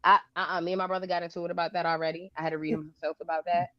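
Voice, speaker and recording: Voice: medium pitch, level tone, very fast, dry recording. A livestream co-host chatting casually, blunt and slangy, swearing freely. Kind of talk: casual chat. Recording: dull lo-fi audio.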